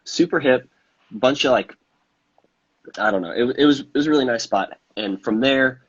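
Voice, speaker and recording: A man's voice: mid-range voice, normal speed, slightly rough, highs cut off. A man chatting casually about a trip, rambling and self-deprecating, often restarting his sentences. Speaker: podcast host. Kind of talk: casual chat.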